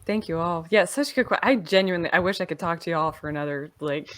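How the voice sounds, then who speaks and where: A woman's voice: on the low side, fast talker. A woman hosting a video call, thanking her guests and leading a short breathing exercise, laughing often. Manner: warm, appreciative, laughs often. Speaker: host. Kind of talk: casual chat on a video call.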